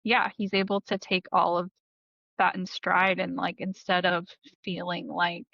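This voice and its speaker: A woman's voice: fairly low pitch, level tone, a little slow, gravelly, a bit bright, no room sound, highs cut off. A woman therapist chatting eagerly on a podcast with many fillers. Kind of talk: casual podcast chat.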